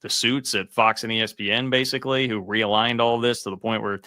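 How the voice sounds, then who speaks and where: A man's voice: lowish voice, fairly quick, no echo. A man hosting a sports podcast, chatting casually about college football with lots of fillers. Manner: relaxed, conversational, many fillers. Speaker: podcast host.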